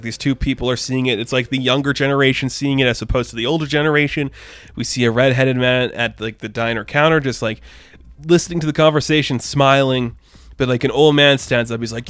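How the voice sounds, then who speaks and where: A young man excitedly recapping a comic book in a casual chat, laughing often and acting out characters' lines in playful voices. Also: medium pitch, no echo. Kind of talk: casual recap with acted-out quotes.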